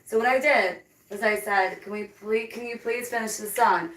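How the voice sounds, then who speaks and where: Hosting a live paranormal investigation stream indoors, in a basement with a pool table, a woman chats eagerly and often repeats words in her excitement. Her voice is mid-range at a normal speed. The recording is roomy and distant from the mic, with background noise.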